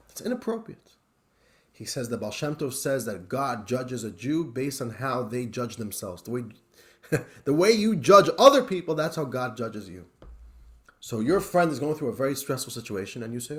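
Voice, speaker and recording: Animated rabbi telling a story. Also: male voice, mid-range voice, moderate pace. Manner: animated storyteller, swings from loud to hushed. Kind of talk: weekly Torah lesson storytelling.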